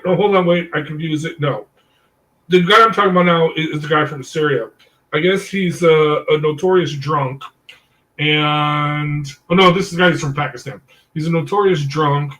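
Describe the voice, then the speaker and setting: A man with a somewhat high voice, heard from a little way off the microphone. He rambles through his story with many fillers and halts to fix his own details as he goes. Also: a bit bright. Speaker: discussion group leader. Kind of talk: rambling casual discussion. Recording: voice distant from the mic.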